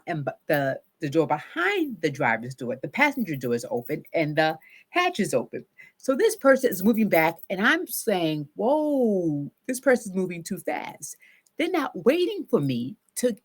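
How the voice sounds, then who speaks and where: A woman therapist telling a personal story in a casual, animated way, acting out her own shouts and self-talk. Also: on the low side, slightly rough.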